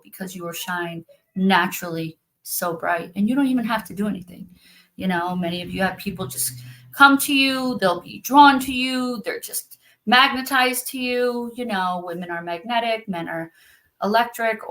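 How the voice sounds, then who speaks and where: A woman's voice: fairly low pitch, a bit bright, rough recording. A woman who practices spiritual activation, talking casually and earnestly about her work, with many fillers. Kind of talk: casual conversational talk.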